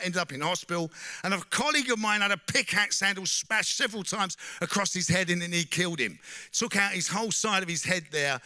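A middle-aged man giving a personal testimony to a church audience, a lively storyteller who keeps asking the crowd questions and saying "you know?". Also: sits high, no room sound, clean studio sound.

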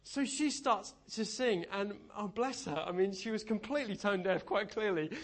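A man preaching a sermon in a church, telling stories in an animated, humorous way. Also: high-pitched, normal speed. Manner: animated storytelling, lively and humorous.

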